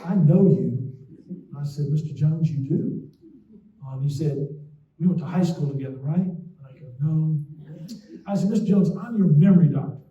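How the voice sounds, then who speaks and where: A man's voice: fairly high pitch, mellow. A middle-aged man, a memory doctor giving a casual talk with folksy anecdotes and frequent "okay?" asides. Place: talk to an audience in a hall. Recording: roomy, distant, dull lo-fi sound.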